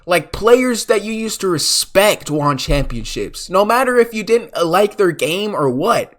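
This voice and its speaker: A man's voice: high voice, very animated, unhurried. A young man giving ranting, mocking sports commentary as a vlogger, exasperated and repetitive.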